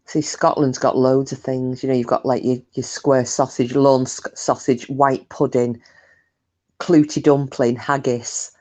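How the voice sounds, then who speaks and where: A woman's voice: extremely low pitch, level tone, a little slow, mellow. A woman chatting casually with her live stream viewers, talkative and self-mocking, swearing freely.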